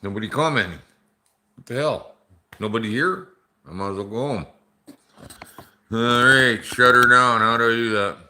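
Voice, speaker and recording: A man's voice: mid-range voice, moderate pace, long pauses, background noise. A middle-aged man, a bit drunk, rambling and joking off-color with viewers on a casual livestream. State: tipsy from drinking. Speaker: livestream host.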